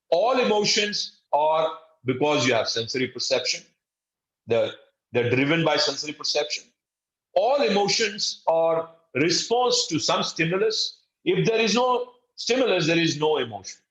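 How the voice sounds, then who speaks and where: A man's voice: on the high side, fairly bright tone, highs cut off. Emphatic male lecturer in an echoey room. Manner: earnest, emphatic, addresses listeners as friends, acts out little quoted exchanges. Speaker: course instructor. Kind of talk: recorded online course lecture.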